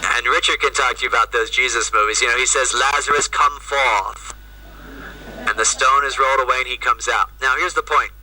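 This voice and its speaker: Male priest, lecturing remotely over a video call, bright, edgy tone, off-mic, chatty with "right?" tags. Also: mid-range voice, fairly even intonation, fast, few pauses, distant mic, low-quality recording. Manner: conversational, frequent "right?" and "you know". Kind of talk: lecture to an audience.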